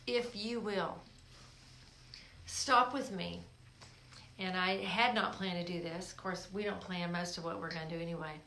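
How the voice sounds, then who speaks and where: A woman hosting a show, urging listeners in a spiritual exhortation, coaxing and emphatic, swinging from hushed tones to forceful emphasis. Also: medium pitch, slight background noise. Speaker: show host. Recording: roomy echo.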